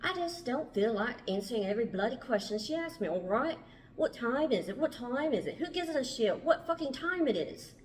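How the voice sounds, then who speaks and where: A woman's voice: fairly high pitch, big pitch swings, moderate pace, pitched above the performer's own voice. A woman voicing a surly, foul-mouthed young man in a put-on, rather poor English accent, spitting out curses. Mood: hostile. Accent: put-on English accent, attempted badly. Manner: spits out curses, rising to shouts.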